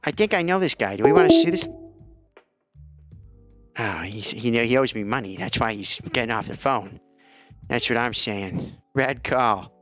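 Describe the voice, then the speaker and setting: A man co-hosting an improvised comedy stream, stammering and excitable. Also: medium pitch, normal speed, pauses often, soft background music.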